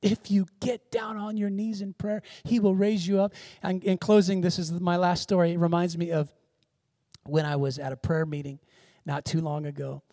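A male pastor delivers a sermon in a notably high voice. He moves between hushed, intimate passages and loud, emphatic exclamations. The recording is dry and close, with little room sound. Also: flat delivery, normal speed, no room sound. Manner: dynamic preaching, swinging from hushed to loud exclamations. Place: church in Seattle.

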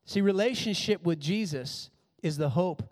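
A man's voice: high voice, normal speed. A male pastor preaching a sermon, emphatic and repeating his key words. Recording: reverberant church hall.

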